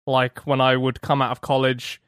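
A man's voice: mid-range voice, monotone, normal speed, a bit bright, clear, resonant tone, no echo. A young man co-hosting a podcast, joking and swearing in casual banter on a close mic. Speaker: podcast co-host. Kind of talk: casual chat.

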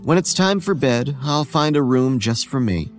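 A man narrating a horror story in the first person as a weary homeless boy who looks about eleven, speaking in a quiet, measured, tired way. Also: medium pitch, lively intonation, lightly acted. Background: soft music.

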